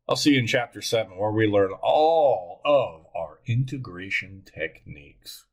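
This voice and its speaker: A man teaching a recorded math lesson, thinking aloud as he works and talking to himself in an excitable way. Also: lowish voice, unhurried, slightly rough.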